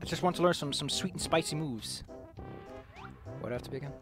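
A man streaming a game, joking and mocking himself, with sudden loud outbursts. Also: mid-range voice, fast talker, vocal fry. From Netherlands. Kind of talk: casual gameplay commentary. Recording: game music playing behind.

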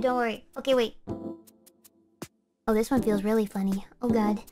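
Bubbly high-voiced woman streamer with long reverb. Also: fairly even intonation, a little slow, over music. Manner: playful, hammy, squealing outbursts. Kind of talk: playful livestream chat.

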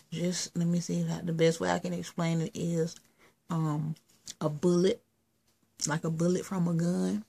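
A woman's voice: deep voice, vocal fry, dark tone, breathy edge. A woman giving a casual vlog update, rambling and plainspoken, with a sore throat. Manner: rambling, plainspoken, explains step by step. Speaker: vlogger.

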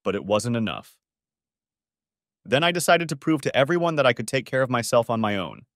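A man narrating a dramatic story as an audiobook in an expressive storytelling manner. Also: mid-range voice, fairly quick, no echo, clean studio sound.

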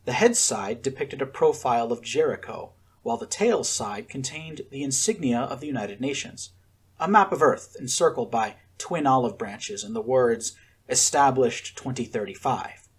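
A man reads a story aloud with a husky, slightly rough voice. His pitch rises and falls with lively expression. The delivery is measured audiobook narration. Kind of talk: audiobook narration of fan fiction.

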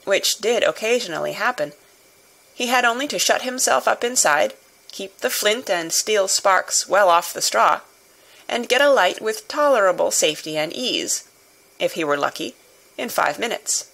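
A woman narrating a classic novel in a measured, even storytelling manner. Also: mid-range voice, creaky, poor audio. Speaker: audiobook narrator.

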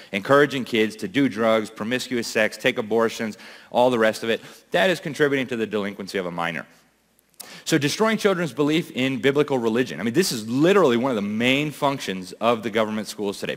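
A man's voice: lowish voice, fairly bright tone, in a large hall. A man giving an impassioned speech to a live audience, urgent and emphatic, firing off rhetorical questions. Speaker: conference speaker. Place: large event hall.

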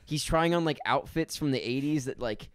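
A man's voice: medium pitch, moderate pace, clear, resonant tone. Exasperated young man ranting about a movie. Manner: exasperated storytelling, heavy swearing. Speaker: podcast co-host. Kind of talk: casual movie review chat.

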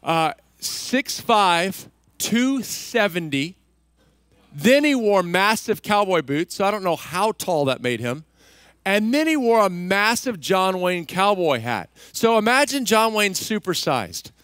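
A male pastor from Texas preaching a sermon, telling a story with lively delivery and acting out the voices of people in it. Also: sits high, takes it slowly, smooth, no room sound. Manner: animated, acts out voices in his stories. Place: church stage.

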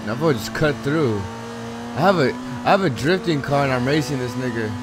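A man's voice: mid-range voice, lively intonation, normal speed, background noise. A young man giving casual gameplay commentary, joking around and trash-talking with plenty of swearing. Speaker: gamer.

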